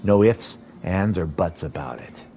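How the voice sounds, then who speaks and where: A man's voice: sits low, animated, a little slow, dark tone, soft background music. A man voicing a brash, blunt warrior woman in a game, scolding in folksy slang. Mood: scornful.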